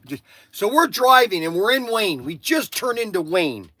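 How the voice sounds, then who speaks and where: An older man talking casually on his livestream, with a bright, forceful voice pitched a little high for a man. He rambles and restarts often, and the sound is close and dry. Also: big pitch swings, no echo. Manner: halting, with many restarts and asides. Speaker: livestream host.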